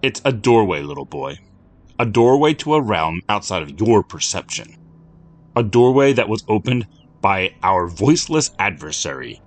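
A deep, lofty storybook stranger who is prim and condescending, especially toward children, as a man narrating puts him on. He speaks with a low voice that still swings widely in tone. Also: exaggerated voice. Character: haughty, aloof man in an odd little car.

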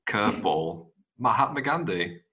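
A man's voice: fairly low pitch, lively intonation, measured pace, bright, forceful tone, breathy edge. A man hosting a casual chat, asking questions and teasing his guest. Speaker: host.

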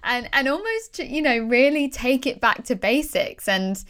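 A woman's voice: high-pitched, sing-song, unhurried, fairly bright tone. A woman hosting a podcast interview, chatty and affirming, with frequent restarts as she relates to her guest. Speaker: podcast host. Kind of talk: casual podcast conversation.

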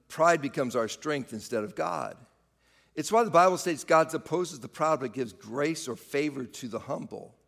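A man's voice: medium pitch, big-room sound. A man preaching a sermon, speaking straight to his congregation and rising and falling for emphasis. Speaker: pastor.

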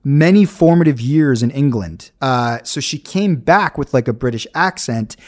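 Enthusiastic man telling a story fast. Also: mid-range voice, animated. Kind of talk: casual chat.

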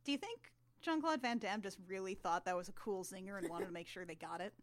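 A woman hosting a casual comedic podcast, recapping a film as an animated storyteller who laughs often. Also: medium pitch, a little fast.

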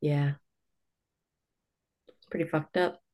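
A woman's voice: deep voice, steady tone, slow pace, a little mellow. A woman co-hosting a podcast, chatting casually about a book in a blunt way, with lots of "like" and the odd swear word. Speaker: podcast co-host. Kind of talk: casual book review chat.

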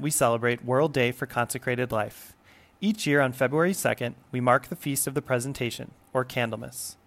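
Male host, mid-pitched, reading a scripted podcast introduction in a measured, formal way.

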